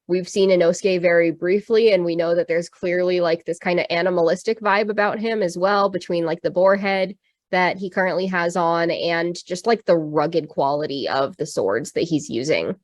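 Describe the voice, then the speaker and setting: Low-pitched woman, thoughtful, dry sound. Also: normal speed, dry recording. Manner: thoughtful, rambling with fillers. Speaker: podcast co-host. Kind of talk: casual chat.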